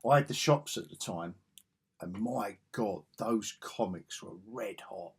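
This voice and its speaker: A vlogger who collects comics talks at a measured pace in a lowish, slightly rough voice. Browsing old comic magazines, he muses aloud in a casual, wandering way.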